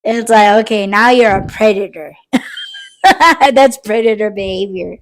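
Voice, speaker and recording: Profane, animated woman podcast host. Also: medium pitch, unhurried, slight background noise. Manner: profane, animated, acts out quoted exchanges. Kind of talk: casual late-night chat.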